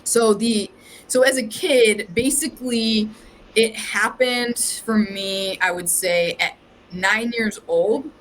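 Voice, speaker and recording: A woman's voice: medium pitch, fairly even intonation, takes it slowly, a little hiss or hum, poor audio. A woman from Ohio, a podcast guest and psychic medium, telling her story in a chatty, rambling way with lots of "like". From Ohio, USA. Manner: chatty, rambling, heavy use of "like". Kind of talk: casual storytelling chat.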